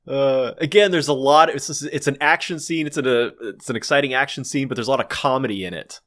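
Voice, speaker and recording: A man's voice: medium pitch, brisk, a bit bright. A man in casual conversation, eagerly summarizing a film's scenes and acting out lines. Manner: enthusiastic, breaks into narrated quotes. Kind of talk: casual movie recap chat.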